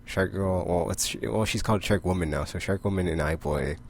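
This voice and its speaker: A man with a deep, gravelly voice recapping his weekly comics in a loose, rambling way, leaning on "like" constantly. A faint hiss sits under the recording. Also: brisk. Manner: rambling, heavy use of "like". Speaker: comic book vlogger.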